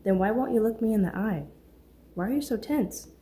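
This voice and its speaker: Audiobook role: attentive, controlling husband, soft-spoken and smooth, played by a woman reader. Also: on the high side, lively intonation, fairly quick, a little hiss or hum, pitched above the performer's own voice. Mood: probing. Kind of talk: audiobook character voice.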